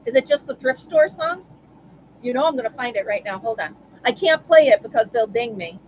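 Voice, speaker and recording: A woman's voice: a little high, animated, brisk, dull audio, slight background noise. A woman hosting a casual live stream from home, chatting and answering viewers by name. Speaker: livestream host.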